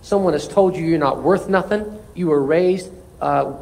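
A man's voice: a little high, normal speed, creaky, a little mellow, poor audio. A man pastor preaching a sermon in church, emphatic, repeating phrases and restarting words. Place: church sanctuary.

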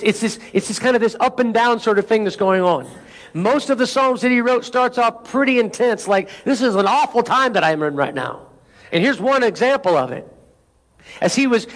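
A high-voiced man preaches from the pulpit, asking the congregation for amens between lines. He reads scripture with climbing intensity. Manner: preaching with call-and-response asides. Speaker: pastor. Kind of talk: sermon.

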